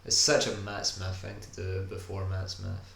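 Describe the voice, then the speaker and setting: Male podcast co-host, lowish voice, eager and chatty, echoey home recording. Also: monotone, moderate pace, gravelly, fairly bright tone. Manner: chatty, enthusiastic, often says "kinda". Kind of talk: casual chat over a viewing. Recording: echoey room with faint ambient noise.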